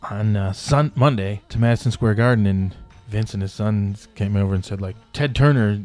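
A man's voice: on the low side, normal speed, darkish tone, soft background music. A man in his fifties telling stories as a podcast guest, rambling and swearing casually. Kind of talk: casual storytelling in a podcast interview.

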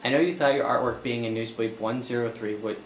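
A man's voice: medium pitch, fairly even intonation, fast. A young man talks in a flustered, apologetic way, pleading and backtracking. His voice sits mid-range. The room is echoey with a faint hiss behind. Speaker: comedy performer as accountant. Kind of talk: one-sided improvised comedy scene.

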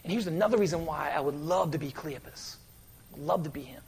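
A man preaching a sermon, telling stories animatedly and swinging between loud bursts and soft, hushed asides. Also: on the high side, brisk, creaky, breathy edge. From West Virginia.

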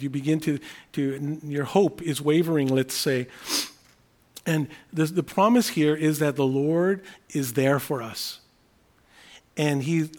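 A man preaching a sermon in an earnest, unscripted way, often restarting phrases and repeating key words slowly for emphasis. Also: a little high. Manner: earnest, thinking aloud with frequent restarts. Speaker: pastor.

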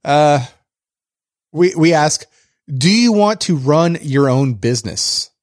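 A man co-hosting a casual tech podcast, joking around and reading a sponsor spot with animated energy. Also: fairly high pitch, takes it slowly, no echo, studio quality. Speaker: podcast co-host.

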